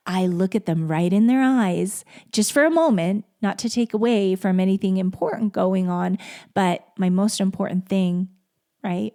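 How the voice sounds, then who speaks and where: A middle-aged woman hosting a solo podcast, talking in a gentle, heartfelt, reflective way. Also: lowish voice. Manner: heartfelt, gentle, turns emotional and tearful. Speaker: podcast host.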